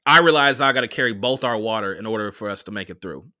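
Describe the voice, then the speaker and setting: A young man hosting a podcast, telling a story in a casual, profane, animated way and acting out the quotes. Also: on the low side, fast talker, no room sound, studio quality. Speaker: podcast host.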